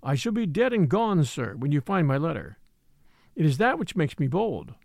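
A man's voice: on the high side, very animated, normal speed, vocal fry, a little mellow, dry recording, clean studio sound. A man voicing a young female servant's solemn written confession. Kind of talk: audiobook letter reading.

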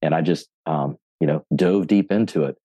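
A deep, mellow man in his forties tells how he got into fitness, recorded close and dry. He talks casually, swears freely and plays out the voices of friends and himself. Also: moderate pace, no echo. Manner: animated storyteller, acts out quotes, swears casually. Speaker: gym owner and fitness coach. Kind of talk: podcast interview, casual storytelling.

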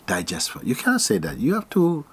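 A man from Jamaica giving a casual spiritual talk, animated and often laughing, sometimes sinking to a near whisper. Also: fairly high pitch, a little fast, slightly rough.

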